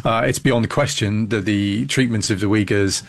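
A man's voice: fairly low pitch, moderate pace, creaky. A man, a think tank fellow, giving blunt, emphatic political commentary as a guest, often restarting his phrases.

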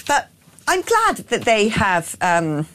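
A woman's voice: mid-range voice, wildly swooping pitch, a bit bright. A woman hosting a breakfast talk radio show, chatting casually and playfully. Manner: chatty, playful, quick to joke.

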